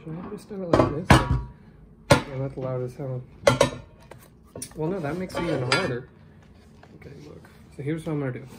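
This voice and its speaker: A man's voice: fairly high pitch, normal speed, pauses often. A man vlogging casually at home while assembling a stand, talking to himself and getting frustrated. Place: room at home. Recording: noisy room sound.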